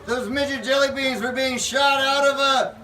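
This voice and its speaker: High-voiced playful man spinning a silly tale. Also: steady tone, normal speed, bright, forceful tone. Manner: playful, silly, often laughing mid-sentence. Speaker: costumed pirate storyteller at a faire. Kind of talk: improvised comic storytelling with audience. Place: outdoor faire stage. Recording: distant, noisy outdoor faire recording.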